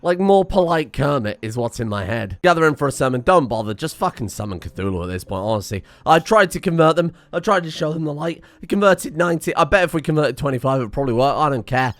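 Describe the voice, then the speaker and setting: Excitable gaming commentator. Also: male voice, on the high side, quick pace, hardly any pauses, no room sound. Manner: excitable, self-mocking, swears, muses aloud. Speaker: gaming streamer. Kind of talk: casual gameplay commentary.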